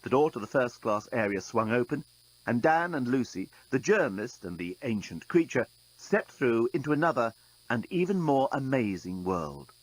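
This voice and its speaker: Husky-voiced man reading a story. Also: medium pitch, sing-song, moderate pace, poor audio. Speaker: narrator. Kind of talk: audiobook narration.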